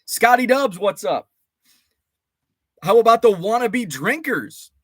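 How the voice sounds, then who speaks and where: A man around forty hosts a relaxed live chat show in a slightly raised, very animated voice that swings up and down as he rambles and reminisces. He greets viewers by name and swears mildly. The sound is close and dry, with no room around it. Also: sits high, slow pace, no room sound. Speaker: host. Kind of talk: casual livestream chat.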